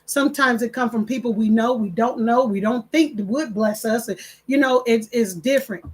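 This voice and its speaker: Brief: high-pitched woman streamer, emphatic and preachy, talks straight to her viewers and repeats lines for weight. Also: normal speed, husky. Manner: emphatic, repeats phrases for stress; addresses viewers directly, preachy. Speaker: livestream host. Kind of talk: casual livestream chat, reading viewer comments.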